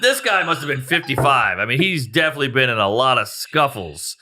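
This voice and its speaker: A man telling a rowdy story in casual chat, animated and profane, acting out quotes with sound effects. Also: medium pitch, a little fast, very noisy. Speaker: comedian guest telling a story.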